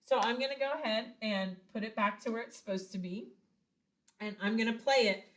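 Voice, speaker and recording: A woman's voice: a little high, brisk, a bit bright. A woman teaching a children's recorder lesson, patiently explaining and chanting rhythms aloud. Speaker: music teacher.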